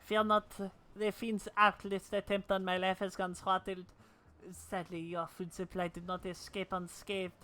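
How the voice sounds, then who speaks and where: A woman voicing a theatrical, bumbling gentleman inspector in a video game, speaking in old-fashioned formal phrasing. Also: medium pitch, level tone, a little slow. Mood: dramatic.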